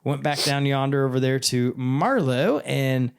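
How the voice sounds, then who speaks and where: A man with a mid-pitched, everyday voice spins long, meandering stories on a casual podcast. He wanders off on tangents and slips in dry jokes as he goes. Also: unhurried, vocal fry, clean tone. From born in St. Louis, raised in western Oklahoma. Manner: rambling, jokey storyteller. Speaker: podcast co-host.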